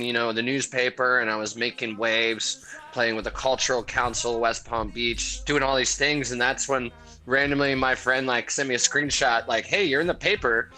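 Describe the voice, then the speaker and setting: A man with an American accent, a musician telling stories in a relaxed, chatty way and laughing often. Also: medium pitch, poor audio. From South Florida, USA. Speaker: guest musician. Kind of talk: casual interview chat over beers.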